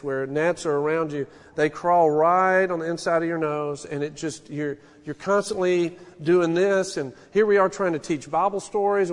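High-voiced preacher in his forties, echoing hall. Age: 40s. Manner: storytelling, animated, folksy asides. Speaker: pastor. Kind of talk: sermon. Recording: long hall reverb.

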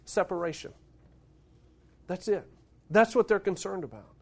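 Pastor guy preaching, kinda high voice, gets loud and pushy on the big points. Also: measured pace, creaky, breathy edge. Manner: preachy, rising to emphatic climaxes, asks the congregation questions. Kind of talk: sermon.

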